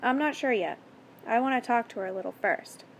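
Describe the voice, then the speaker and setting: A woman's voice: on the high side, brisk, vocal fry, a little hiss or hum. A woman reading a story aloud and voicing a mocking, menacing male captor with a sticky, falsely kind manner. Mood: offhand. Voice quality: sticky-sweet mock kindness. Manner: taunting, calm, controlling.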